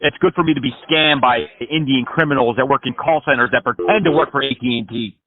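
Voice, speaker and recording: Mocking prank caller on a tinny line. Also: male voice, fast. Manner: mocking, rambling absurd pitches. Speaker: scam-baiting prank caller. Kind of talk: prank phone call. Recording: phone-line audio.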